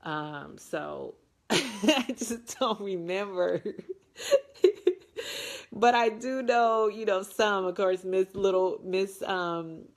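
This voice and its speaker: A woman in her forties from Detroit, chatting casually as she answers viewer comments, rambling with lots of ums and playful self-mockery. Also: medium pitch. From Detroit, USA. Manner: unhurried and rambling, with frequent ums and restarts. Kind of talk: casual live chat reading comments.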